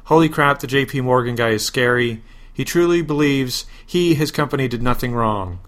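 A man hosting a podcast, reading a parody superhero story in a deadpan way, flatly spelling out web addresses and asides. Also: mid-range voice, normal speed. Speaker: podcast host.

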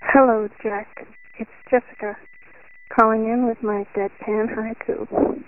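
Sex: woman. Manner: flat, monotone. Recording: phone line. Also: a little high, slow. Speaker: voicemail caller.

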